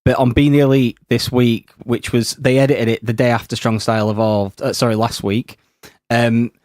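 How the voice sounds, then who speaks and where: A man's voice: mid-range voice, flat delivery, moderate pace, a little mellow, dry recording, clean studio sound. A man on a podcast, earnestly giving a detailed rundown in casual chat. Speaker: podcast co-host.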